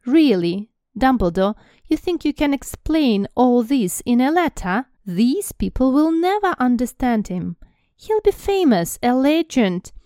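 A woman's voice: medium pitch, slow pace, few pauses, warm tone, no echo, studio quality, lightly acted. A woman reading aloud as an agitated older woman professor, protesting with emphasis.

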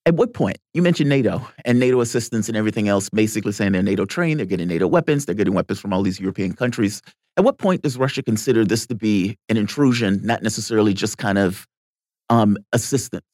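A man's voice: on the low side, animated, fast talker, a little mellow, no room sound, studio quality. A man co-hosting a political talk podcast, chatting casually, laughing often and slipping into playful impressions. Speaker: podcast co-host.

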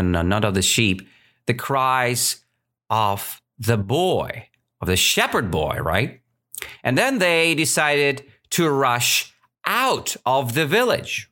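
Playful teacher, hugely swooping voice. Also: male voice, mid-range voice, fairly bright tone. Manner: playful, asks rhetorical questions, makes deliberate mistakes. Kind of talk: reading a story aloud to learners.

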